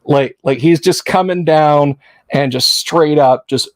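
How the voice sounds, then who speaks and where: A man's voice: fairly high pitch, unhurried, no room sound. Chatty male livestream host. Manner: chatty, rambling, jokey, answers chat. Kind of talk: casual livestream chat.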